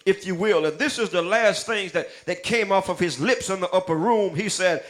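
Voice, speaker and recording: A man preaching a sermon in church, calling out listeners by name and half-chanting quoted song lines, rising and loud. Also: high voice, normal speed. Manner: names listeners in the pews as he preaches. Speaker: pastor. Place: church sanctuary.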